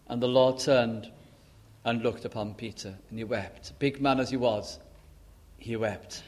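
An older man preaching a sermon, telling the story with feeling, acting out quoted dialogue and slowing down for emphasis. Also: mid-range voice, steady tone, a little mellow.

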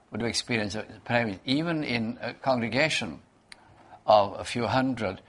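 With a medium-pitched, somewhat bright voice, a man leads a prayer meeting and gives an unhurried Bible talk. He repeats key words and quotes old scripture.

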